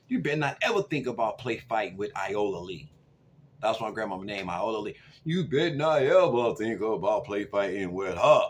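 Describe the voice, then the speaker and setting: A man in his forties telling a story to camera in a casual, animated way, swinging from loud outbursts to hushed asides. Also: on the low side, moderate pace, background noise. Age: 40s. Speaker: vlogger.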